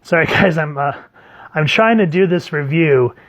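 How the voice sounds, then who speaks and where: Regular guy talking through a comic review, laid back and excited, lots of ums. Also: fairly high pitch, moderate pace. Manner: chatty and enthusiastic, with filler words and laughs. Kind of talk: casual video review.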